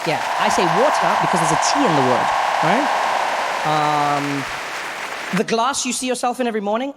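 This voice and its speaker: A male comedian with a South African accent tells stories on stage. His voice is high and he talks fast. He gets more and more animated as he goes. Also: background noise. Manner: animated, climbs high with excitement. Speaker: stand-up comedian. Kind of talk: stand-up storytelling.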